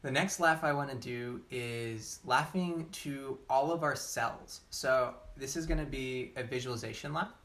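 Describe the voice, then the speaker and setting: Slow, bright-voiced man coaching laughter yoga. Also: medium pitch. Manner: gentle coaching with frequent laughter; calm unhurried guidance through breathing. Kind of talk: guided live-streamed session.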